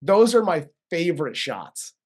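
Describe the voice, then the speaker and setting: A man co-hosting a movie review, casually recapping the plot, relaxed and profane with frequent laughs. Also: a little high, measured pace, breathy edge. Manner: laid-back, profane, laughs often. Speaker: co-host of a movie review show.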